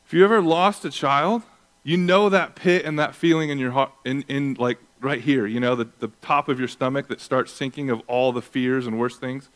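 Man, pastor, sermon, animated storytelling, acts out voices. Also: medium pitch, normal speed.

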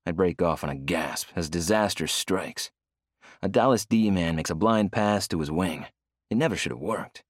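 A young man narrating a first-person novel, wry and expressive, on a close studio mic. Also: deep voice, moderate pace, no room sound. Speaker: audiobook narrator.

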